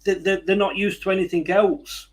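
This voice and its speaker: A man's voice: sits high, level tone, moderate pace, a little mellow, rough recording. A man hosting a casual football chat, chatty and laughing easily. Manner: chatty, laughing, frequent fillers. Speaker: host.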